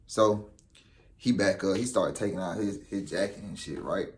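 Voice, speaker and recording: A man's voice: sits low, moderate pace. A young man telling a story in casual vlog style, with profane street slang. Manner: animated, profane street slang, acts out quotes. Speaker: vlogger.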